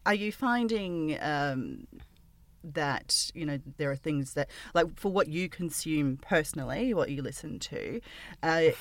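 A woman hosting a casual podcast interview, talking hesitantly with many pauses and restarts. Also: deep voice, animated, no echo. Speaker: podcast host interviewing an audio creator.

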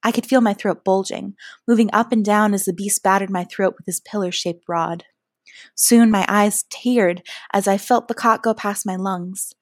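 A woman reading a first-person story aloud in a soft, hushed manner that at times drops to a breathy whisper. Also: medium pitch, steady tone, moderate pace, dry recording, clean studio sound. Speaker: narrator.

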